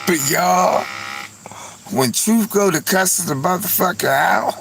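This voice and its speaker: A man's voice: high-pitched, measured pace, a little hiss or hum, poor audio. A man hosting a livestream, telling gossipy stories in a casual chat to his viewers, cursing freely and laughing often. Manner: animated gossipy storytelling, frequent laughter. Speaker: livestream host.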